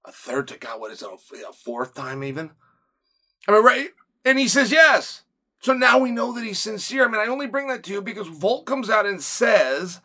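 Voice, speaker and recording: Hosting his own program, this man speaks in a high, very animated voice that's bright and forceful. His commentary is blunt and opinionated, packed with rapid-fire rhetorical questions delivered emphatically.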